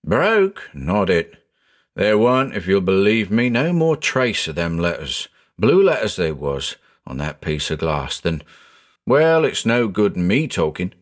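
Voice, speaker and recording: A man's voice: low-pitched, big pitch swings, measured pace. A man voicing a chatty working-class male tram conductor who rambles in thick dialect, in a storybook reading. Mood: aggrieved.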